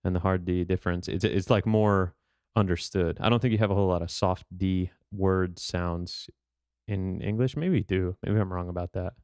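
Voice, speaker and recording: A man hosting a podcast, chatting casually and thinking out loud as he goes. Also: low voice, steady tone, moderate pace, smooth, dry recording, studio quality. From United States. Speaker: podcast host. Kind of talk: casual chat.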